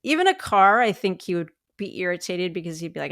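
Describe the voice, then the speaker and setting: Woman, 30s, co-host; animated, plays out quotes, dry close sound. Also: lowish voice, brisk, no echo. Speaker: podcast co-host. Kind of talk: casual chat.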